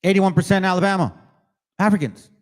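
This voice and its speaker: A man's voice: sits high, brisk. A man hosting his own channel, delivering combative religious commentary, mocking and confronting viewers directly and reading passages aloud between remarks. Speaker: channel host.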